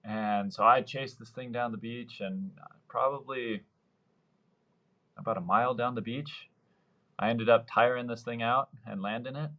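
A man in his thirties spins a casual story as a podcast guest, slipping into the voices of the people in it. His voice sits at an ordinary middle pitch. The audio is a touch dull and lo-fi. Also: measured pace. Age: 30s. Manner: lively storyteller, acts out quoted dialogue. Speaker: surf fishing guide, podcast guest.

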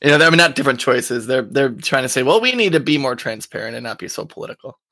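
A man's voice: mid-range voice, expressive, fast talker, pushed and bright, no room sound, studio quality. A man co-hosting a casual political podcast, talking bluntly with lots of swearing. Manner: blunt, profane, laughs often. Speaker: podcast co-host.

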